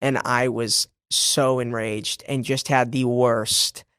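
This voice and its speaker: A man's voice: medium pitch, level tone, slow pace, a bit bright, clean tone, dry recording. A young man from Boston with a slight Boston accent, chatting casually as a podcast guest, laughing often and talking in fillers and restarts. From Boston, USA. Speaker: guest, stage actor. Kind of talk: casual interview chat.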